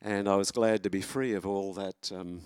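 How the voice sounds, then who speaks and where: A man's voice: low voice, steady tone, normal speed, darkish tone, clear, resonant tone, no room sound, studio quality. Older man preaching encouragement. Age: 70s. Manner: earnest, encouraging, with hesitations and restarts. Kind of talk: sermon. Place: church, at a lectern.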